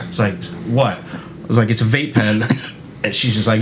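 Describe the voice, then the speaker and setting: A man's voice: fairly low pitch, normal speed, over music. A man casually telling profane stories from his job on a podcast, acting out what people said. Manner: animated, swearing often, acting out quotes.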